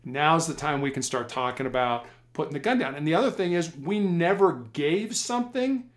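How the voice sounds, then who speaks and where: Animated storytelling man, former negotiator. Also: on the high side, moderate pace. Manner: animated, acts out both sides of conversations. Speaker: former police hostage negotiator, guest. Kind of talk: storytelling in a podcast interview.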